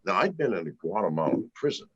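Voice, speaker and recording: Very deep husky man telling profane stories. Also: very animated, quick pace, fairly bright tone, dull audio. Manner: profane, rambling anecdotes with chuckles. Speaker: interview guest. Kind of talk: storytelling in casual conversation.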